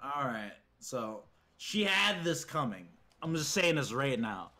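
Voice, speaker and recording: A young man telling rowdy school stories in casual chat, profane and animated, with heated outbursts. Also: mid-range voice, slow pace. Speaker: streamer's friend telling stories.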